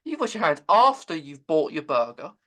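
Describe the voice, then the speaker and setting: Halting man, high bright voice. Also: sing-song. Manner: halting, with many stammered repeats. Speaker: podcast host. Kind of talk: casual conversation.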